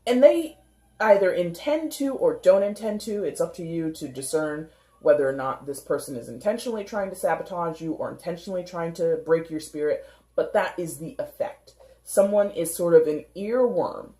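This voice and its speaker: A woman giving a casual, chatty tarot reading, animated and given to mimicking people in little put-on voices. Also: fairly low pitch, moderate pace, roomy sound. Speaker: tarot reader.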